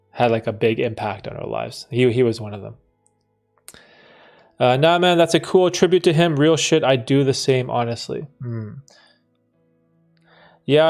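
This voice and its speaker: A man in his thirties hosting a live stream, reading out chat comments and answering them in a relaxed, chatty way, laughing often and restarting his sentences. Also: mid-range voice, gravelly. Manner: laid-back, laughs often, trails off and restarts. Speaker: livestream host answering chat.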